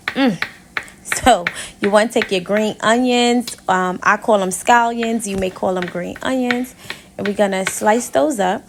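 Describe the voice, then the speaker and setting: A woman's voice: mid-range voice, a little hiss or hum. A young woman chatting through a casual cooking tutorial in her home kitchen, talking straight to her viewers as "y'all". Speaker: home cook vlogger.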